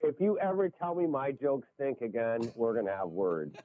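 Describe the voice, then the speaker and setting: A man in his forties calling a radio show, chatty and lively, heard over a phone line. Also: medium pitch, moderate pace, slight background noise. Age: 40s. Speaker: caller. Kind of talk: call-in radio chat.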